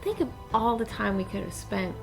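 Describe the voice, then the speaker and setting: A woman co-hosting a casual podcast who tells stories in an animated way and laughs often. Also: medium pitch, normal speed, gravelly, over music. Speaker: podcast co-host.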